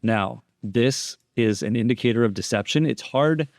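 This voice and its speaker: A man's voice: mid-range voice, moderate pace, gravelly, no echo, studio quality. A man instructing on deception analysis, explaining interrogation footage in a methodical way and repeating key phrases for emphasis.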